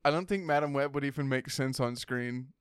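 A casual podcast co-host, a man who talks in an excitable, rambling way and swears often. His voice is smooth and clear, recorded dry and close with no room sound. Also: medium pitch, brisk, dry recording. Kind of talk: casual chat. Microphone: headphones with mic.

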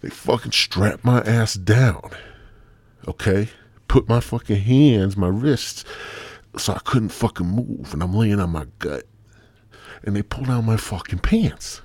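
A man's voice: on the low side, darkish tone, breathy edge, no room sound. A man from the American Midwest hosting a podcast and telling a rambling, profane comic story. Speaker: podcast host.

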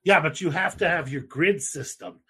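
In a relaxed podcast conversation, a man curses without restraint and wanders through his points with plenty of fillers. He sounds animated and husky, with a higher-leaning voice and a moderate pace.

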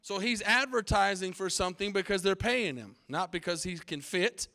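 A man's voice: sits high, normal speed, vocal fry, bright, forceful tone. A middle-aged man preaching a sermon as pastor from the pulpit, emphatic, with call-and-response to the congregation. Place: church sanctuary.

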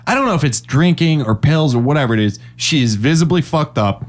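A man co-hosting a podcast, telling a story in animated casual chat with some swearing. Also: fairly high pitch, a little fast. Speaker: podcast co-host.

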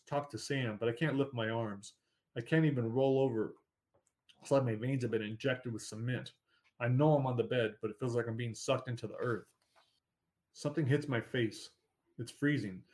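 A man narrating a first-person story in a measured, steady reading voice. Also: medium pitch. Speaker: audiobook narrator.

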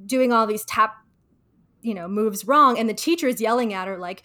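A woman's voice: normal speed, pushed and bright. Chatty woman retelling a show. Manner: chatty, lots of "like", acts out quoted lines in higher voices. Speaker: podcast co-host giving advice. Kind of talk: casual chat, retelling a TV episode.

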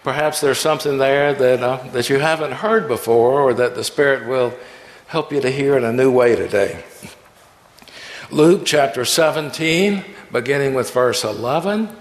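A man's voice: mid-range voice, normal speed. A man preaching a sermon as pastor. He reads scripture and tells stories, and he voices the quoted lines. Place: church sanctuary. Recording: echoey, reverberant church hall.

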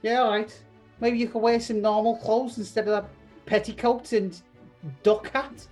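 A woman's voice: fairly high pitch, little pitch movement, normal speed, a little mellow, soft background music, close to an everyday voice. A woman voicing a rude, impatient pub-going mate who talks bluntly.

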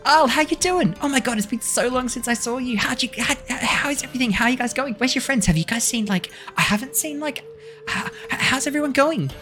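Tabletop game NPC: woman voicing a chatty, rambling young airbender girl, high and quick. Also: fairly bright tone, soft background music. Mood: excited. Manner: rambling, lots of "like".

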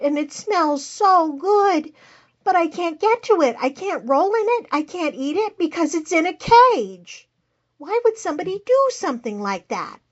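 Woman voicing a rambling black cat caller, high and lively. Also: muffled recording. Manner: rambling, worried, wanders off topic. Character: fretful black house cat caller, dramatic, easily distracted. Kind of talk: comedic call-in monologue.

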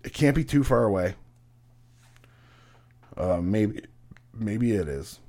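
Brief: young male podcast host, loose and profane, drifting quieter at times. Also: lowish voice, lively intonation, slow pace. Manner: profane, laughing, trailing off quietly. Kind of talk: casual chat.

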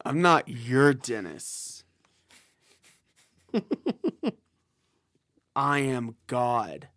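A man voicing a grandiose, vain young man who calls himself a god, in a shrill, drawn-out, haughty delivery. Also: animated, fairly bright tone, no room sound, full character voice.

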